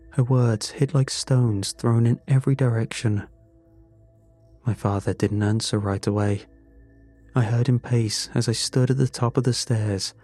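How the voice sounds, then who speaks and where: A man tells a first-person story in a slow, measured way. His voice sits low and mellow, with a somber, unhurried delivery. Faint music plays underneath. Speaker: narrator.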